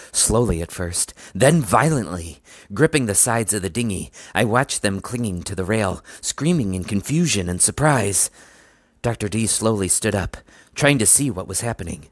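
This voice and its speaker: Low-voiced man reading a storybook. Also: no echo, studio quality. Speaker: audiobook reader. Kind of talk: storybook narration.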